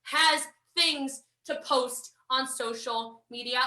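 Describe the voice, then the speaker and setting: An American woman giving a live online sales training, talking in an energetic, emphatic way and repeating phrases for drive. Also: sits high, takes it slowly, echoey room. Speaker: network marketing trainer.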